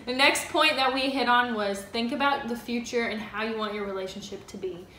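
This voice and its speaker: A woman's voice: on the high side, steady tone, fairly quick, sharp tone. Chatty woman in a roomy space. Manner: earnest and chatty, with frequent fillers. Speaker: co-host of a couple's channel. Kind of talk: casual faith-based advice chat. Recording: roomy echo, faint background noise.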